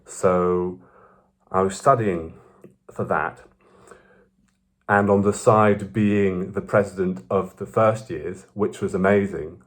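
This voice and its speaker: A man's voice: deep voice, slow pace, long pauses. Rambling young man. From Belgium. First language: French. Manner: rambling, self-correcting, animated. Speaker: vlogger. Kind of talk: casual storytelling.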